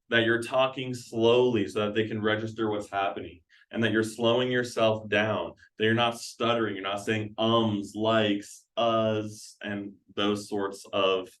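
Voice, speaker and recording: A young man training his sales team at a meeting, talking casually and energetically and repeating key phrases, heard from a distance in a room. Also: lowish voice.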